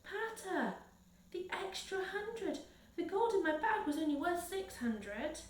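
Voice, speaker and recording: A woman's voice: very high-pitched, expressive, slow pace, pitched above the performer's own voice, exaggerated voice. A woman doing an eager young girl. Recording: roomy, a little distant from the mic.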